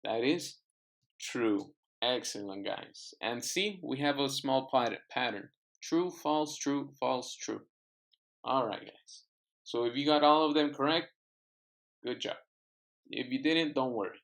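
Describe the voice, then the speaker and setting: A man's voice: mid-range voice, slow, fairly bright tone. A man teaching an English class, patiently repeating words and phrases for his students to echo. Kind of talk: online classroom lesson.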